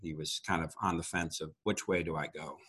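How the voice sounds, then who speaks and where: A middle-aged man telling personal faith stories earnestly, with soft laughs, as a Christian speaker. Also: very deep voice, steady tone, a little fast, slightly rough. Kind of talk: conversational testimony.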